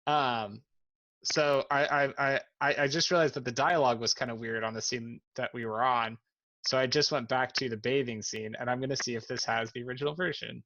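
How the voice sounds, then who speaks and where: A man's voice: medium pitch, fairly even intonation, fairly quick, bright, forceful tone. A man co-hosting a podcast, talking casually and getting sidetracked as he reads out scenes, laughing often. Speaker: podcast co-host. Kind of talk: casual chat, reading out subtitle dialogue. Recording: muffled lo-fi audio.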